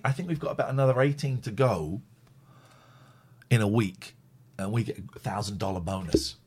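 A man's voice: lowish voice, normal speed, slightly rough. A man from the United Kingdom hosting a live stream show in casual, rambling, blunt chat. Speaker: show host.

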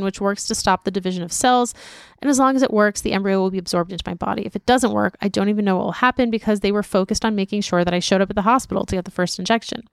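A woman's voice: medium pitch, vocal fry, clean tone, no room sound, studio quality. A woman co-hosting a casual podcast, reading listener emails aloud with chatty asides. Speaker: podcast co-host.

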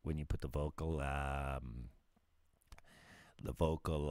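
A deep-voiced man gives casual reaction commentary on a livestream. He is sarcastic and swears freely, and his pitch swings widely as he talks. The sound is dry and close. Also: sing-song, moderate pace, no room sound. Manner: sarcastic and profane, laughing often.

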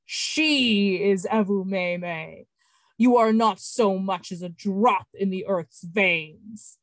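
A woman voicing a huge male mountain spirit who speaks slowly, loudly and with stern command. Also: medium pitch, dry recording, lightly acted. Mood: thundering. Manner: slow, loud, commanding.

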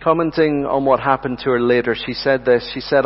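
A man preaching a sermon, earnest and emphatic, addressing the congregation as friends and slowing down to repeat key words. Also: mid-range voice, fairly even intonation. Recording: dull sound with long hall reverb and mains hum.

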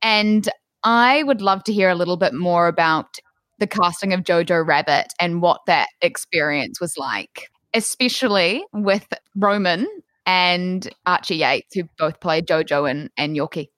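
Lower-voiced woman host, dry sound. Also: a little slow, fairly bright tone, dry recording. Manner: laughs often, eager questions. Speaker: podcast host. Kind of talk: casual interview.

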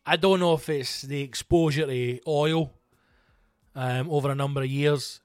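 A fairly high-pitched, slightly slow middle-aged Scottish man runs a comedy podcast and recounts a story at his own expense, swearing throughout in an animated way. The recording is clean studio sound with no room presence.

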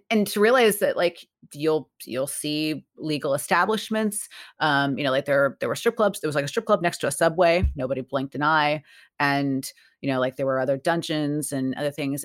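A woman chatting casually as a podcast guest, telling lively stories and acting out the people she quotes. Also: sits low, brisk. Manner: animated, acts out quoted voices. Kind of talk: casual storytelling chat.

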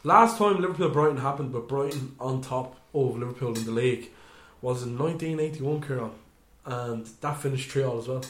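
Male co-host, lively football banter, mid-pitched, roomy echo. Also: brisk, few pauses. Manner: animated, mimics players with sudden high voices. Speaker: podcast co-host. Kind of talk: casual football chat. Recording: echoey room.

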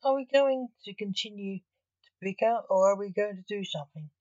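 A woman's voice: medium pitch, moderate pace, darkish tone, no room sound, dull audio, natural voice. A woman voicing an awkward, impatient young male necromancer in a storybook reading.

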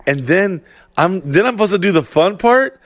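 A man co-hosting a podcast, telling stories in a casual, animated, heavily profane way and acting out what people said. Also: high-pitched, normal speed, dry recording, clean studio sound. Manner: profane, animated storytelling with acted-out quotes. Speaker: podcast co-host. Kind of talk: casual storytelling chat.

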